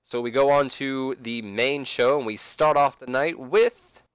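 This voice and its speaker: A man's voice: mid-range voice, unhurried, smooth, no room sound. A man doing casual game commentary, rambling with fillers and side remarks. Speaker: let's play commentator.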